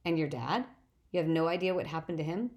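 A woman reading the questioning, sarcastic lines of a teenage boy hero in a storybook, in a low gravelly voice. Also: animated, fast talker, a little mellow. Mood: wry.

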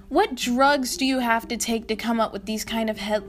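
A woman's voice: a little high, moderate pace, hardly any pauses, soft background music. A young woman hosting a video, doing casual scripted commentary with laughing, exasperated asides. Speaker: video host.

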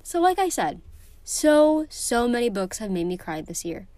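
A woman's voice: on the high side, sing-song, moderate pace, warm tone, dry recording. A teenage girl chatting casually in a book vlog, gushing and emotional, with lots of ums and likes. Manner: gushing and emotional, many fillers. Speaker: book vlogger.

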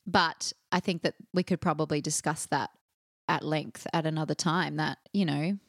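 A woman's voice: deep voice, normal speed, no room sound, studio quality. A woman, co-hosting a casual podcast and reading segment introductions. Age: 30s. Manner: lively, giggly, reads segment intros. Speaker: podcast co-host. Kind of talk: casual chat.

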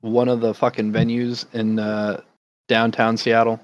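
A man's voice: medium pitch, completely flat delivery, a little slow, dry recording, low-quality recording. A man in casual chat as a podcast co-host, rambling and laid-back, cursing freely as he reminisces.

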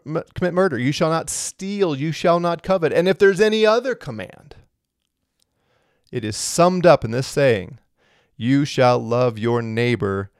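Earnest preacher, dry sound. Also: male voice, a little high, no room sound. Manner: earnest, emphatic, repeats phrases. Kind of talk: sermon.

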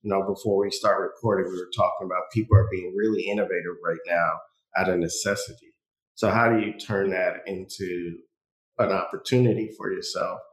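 Male podcast host, very deep voice, relaxed and joking, roomy sound. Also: brisk. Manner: scripted intro then relaxed joking. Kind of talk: podcast interview.

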